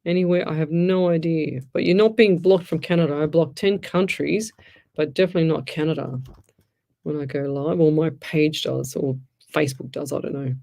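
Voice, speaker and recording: A woman's voice: sits low, fairly even intonation, moderate pace, gravelly, dark tone. Chatty, blunt woman medium. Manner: chatty, rambling, frank and blunt advice. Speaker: psychic medium radio host. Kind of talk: casual live-stream chat, reading out comments.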